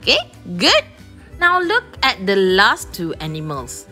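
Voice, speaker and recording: Slow, patient Malaysian woman teacher. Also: mid-range voice, wildly swooping pitch, sharp tone, soft background music. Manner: slow, patient, repeats each instruction in two languages. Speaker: primary school teacher. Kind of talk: online lesson for young children, English with Malay translation.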